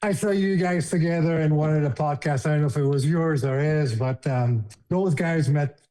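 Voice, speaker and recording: A man's voice: a little high, normal speed, mellow. A man in his fifties with a French accent, a guest on a podcast. He tells stories in a loose, emotional way, laughing often and acting out what others said. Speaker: guest, former hockey player. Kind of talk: casual storytelling.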